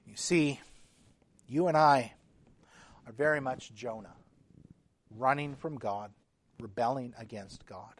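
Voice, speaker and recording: A man preaching a sermon in a measured, emphatic way, his intensity rising and falling. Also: medium pitch.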